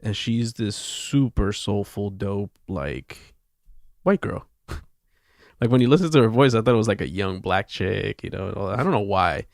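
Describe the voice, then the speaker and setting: A man co-hosting a podcast in loose, easygoing banter. His voice is low with a strong gravelly fry, and it is recorded dry and close. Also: normal speed, dry recording. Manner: laughs easily, relaxed banter. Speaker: podcast co-host. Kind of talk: casual chat.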